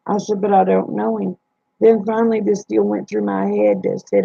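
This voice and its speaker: A woman's voice: medium pitch, flat delivery, moderate pace, gravelly, dark tone, husky, no echo. A woman hosting a livestream, telling a personal story in a plain-spoken way and retelling the dialogue. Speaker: livestream host. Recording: dull lo-fi dry sound.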